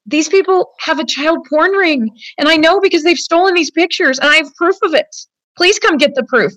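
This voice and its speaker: A woman's voice: extremely high pitch, moderate pace, fairly bright tone, no room sound. A woman in her fifties, a guest telling her own story in an earnest, emotional way, often adding "like" and "you know" and speaking straight to the hosts. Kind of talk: personal account in a conversation.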